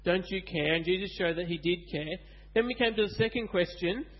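A man gives a lively children's Bible talk in church and keeps asking the kids questions. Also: sits high, fairly quick, dull audio. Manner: animated, asks kids questions.

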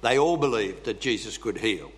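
A man preaching a sermon slowly and deliberately, pausing for emphasis and clearing his throat often. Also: fairly low pitch, animated, slight background noise. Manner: slow, deliberate preaching with dramatic pauses.

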